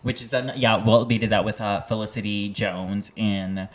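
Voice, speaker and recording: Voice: medium pitch, fairly even intonation, moderate pace, slight background noise. A podcast co-host in casual chat, rambling and searching for words with lots of fillers.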